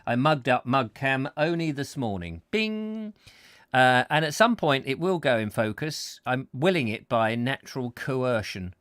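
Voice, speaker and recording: Middle-aged host, bright and bouncy, ranty comic chat, dry close mic. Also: male voice, medium pitch, lively intonation, moderate pace, hardly any pauses, no echo. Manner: rambling, playful, self-mocking, breaks into silly voices. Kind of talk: comic live chat show, reading viewer comments.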